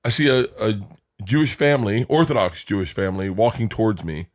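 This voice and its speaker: A man's voice: lowish voice, expressive, a little fast. A middle-aged man co-hosting a podcast, telling a long casual story, cursing freely and laughing often. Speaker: podcast co-host. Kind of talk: casual chat.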